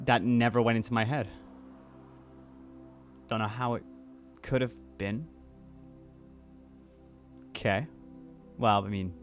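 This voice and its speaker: A man in his twenties with a mixed British and American accent, chatting casually and rambling through viewer comments as a YouTuber. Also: mid-range voice. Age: 20s. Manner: rambling, restarts sentences, reads comments aloud. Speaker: YouTuber and voice actor. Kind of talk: casual chat reacting to comments.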